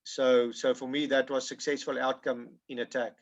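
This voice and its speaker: A man with a South African accent, a rugby coach breaking down match footage in a webinar, talking haltingly with restarts. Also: medium pitch, flat delivery, dull audio. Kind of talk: webinar analysis.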